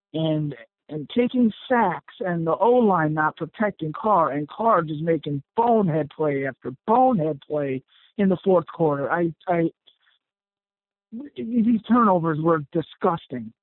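A man's voice: on the high side, dry recording. A man calling in to a fan radio show, ranting angrily and swearing heavily about his team's loss. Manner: profane, ranting, heated. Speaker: caller. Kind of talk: angry fan call-in rant. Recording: tinny phone line.

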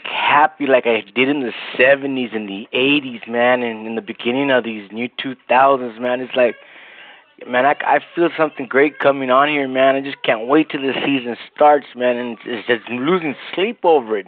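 An excited fan from Bakersfield rambles on, heaping praise over a narrow, tinny phone line. His voice sits at a middle pitch and sounds dry. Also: normal speed, dry recording. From Bakersfield, California. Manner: excited, rambling, says "man" constantly. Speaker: caller.

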